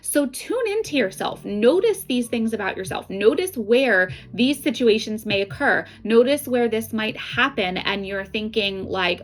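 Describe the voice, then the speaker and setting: A woman's voice: a little high, lively intonation, a little slow, few pauses, rough recording. A middle-aged woman, an intuitive card reader, talking in a casual, earnest way and often checking in with "right?" and "okay?". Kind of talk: casual spiritual guidance talk.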